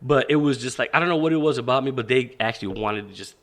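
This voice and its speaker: A boxing coach appearing as a podcast guest tells stories fast in a medium-pitched male voice. His casual interview storytelling is animated and profane, and he acts out the speech he quotes.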